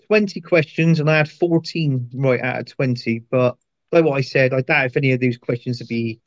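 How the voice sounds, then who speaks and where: A man's voice: medium pitch, dry recording. A man from Bristol with a West Country accent, speaking hesitantly as a quiz contestant. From Bristol, England. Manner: hesitant, slow, stumbling. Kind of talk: casual chat. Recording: dull lo-fi sound.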